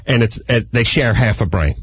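A man hosting a talk radio show, telling a long comic story in a rambling, animated way. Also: mid-range voice, normal speed, slightly rough, no echo. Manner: animated, rambling, acts out quotes.

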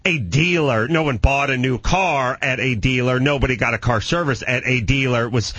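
A man's voice: normal speed, husky, dry recording. A man in his thirties from the San Fernando Valley, telling a comedic story in casual chat and jumping into incredulous shrieks. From the San Fernando Valley, California. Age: 30s. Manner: animated, jumps to shrill incredulous shrieks when acting out his disbelief.

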